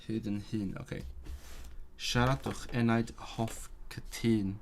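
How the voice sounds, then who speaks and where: A man's voice: on the low side, flat delivery, takes it slowly, slight background noise. A man live-streaming his language study, thinking aloud and sounding out words, correcting himself as he goes. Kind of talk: casual live stream talk.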